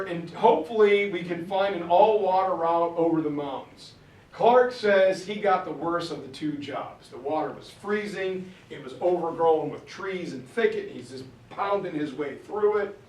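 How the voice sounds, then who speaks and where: A man telling history as an animated story, slipping into quick character voices and casual slang. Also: sits high, reverberant, recorded from a distance, low-quality recording. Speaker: speaker giving a history talk.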